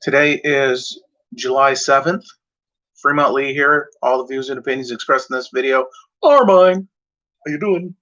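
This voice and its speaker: A man's voice: mid-range voice, moderate pace, pushed and bright. A man hosting his own video in casual talk to camera, rambling and hesitant, with many fillers and self-corrections. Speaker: video host. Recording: dull lo-fi sound.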